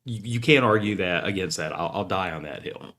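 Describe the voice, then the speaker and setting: A man's voice: sits low, animated, fairly quick, pushed and bright, slight background noise. A man co-hosting a podcast in casual chat, blunt and opinionated. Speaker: podcast co-host.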